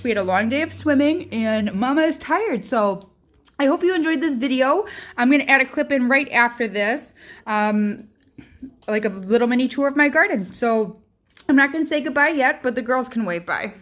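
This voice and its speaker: Cooking on her vlog, a young home cook and channel host chats in a casual, slightly rambling way with many ums. She speaks at a moderate pace in a high, expressive, fairly bright voice, and the recording is rough.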